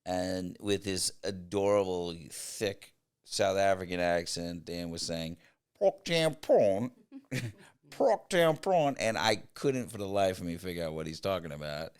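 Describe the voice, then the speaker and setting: Middle-aged guy hosting a podcast, real low voice, smooth, tells funny stories. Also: fairly even intonation, normal speed. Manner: storytelling, laughs at his own stories. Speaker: podcast host. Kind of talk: casual chat.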